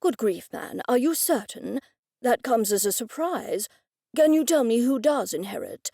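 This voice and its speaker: A woman reading an audiobook, voicing a pompous, stubborn older English gentleman with stiff, old-fashioned phrasing. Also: extremely high pitch, big pitch swings, a little slow, creaky, no echo, clean studio sound, full character voice. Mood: formal.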